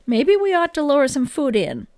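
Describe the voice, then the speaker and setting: A woman reading aloud and voicing an eager, impulsive boy who speaks loudly and insistently. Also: high voice, huge pitch swings, normal speed, no room sound, studio quality, voice pushed up.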